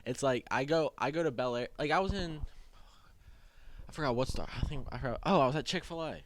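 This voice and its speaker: A man's voice: expressive, fairly quick, a little hiss or hum. A young man from Maryland telling rambling stories as a podcast guest, full of fillers. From Maryland, United States. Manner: rambling storyteller, many likes, jumps up in pitch when indignant. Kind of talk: casual chat.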